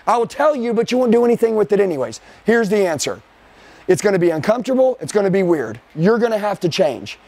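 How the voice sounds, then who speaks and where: A man leading a live sales training session for a team. He talks forcefully, keeps firing rhetorical questions at his listeners, and speeds up and slows down to drive points home. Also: high voice, very animated.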